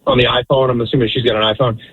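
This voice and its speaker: A man calling in to a radio show, speaking in a friendly but halting way. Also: mid-range voice, little pitch movement, a bit bright, slightly rough. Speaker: caller. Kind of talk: phone call to radio show. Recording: tinny phone line.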